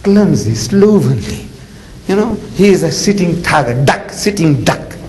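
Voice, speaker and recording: A man voicing an eager, confident young shepherd boy who pleads excitedly in a retold story. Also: fairly high pitch, measured pace, slight background noise, low-quality recording. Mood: scornful.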